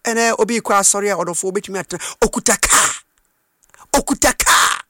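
A man preaching a sermon, passionate, rising from plain speech into shouted and sing-song phrases. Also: sits high, a little fast, no echo. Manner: impassioned, switching between shouting and sing-song cadence.

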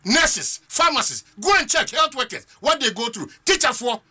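A man's voice: very high voice, expressive, moderate pace, pushed and bright. A man with a Ghanaian accent giving impassioned political commentary on a talk show, repeating phrases for emphasis.

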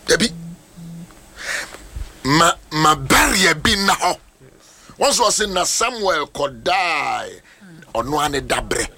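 A man preaches as a pastor, mixing Twi and English as he tells stories and puts on the voices of people he met. His delivery swings widely in pitch and carries a gravelly rasp. The tone is bright and forceful. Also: slow, pauses often, slight background noise. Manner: animated storyteller, mixes Twi and English, acts out voices. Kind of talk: sermon talk on mentorship.

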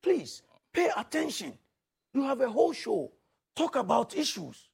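A man's voice: very high-pitched, wildly swooping pitch, a little slow, creaky, darkish tone, slightly rough. A man with a Ghanaian accent giving an emphatic, lecturing critique as a judge.

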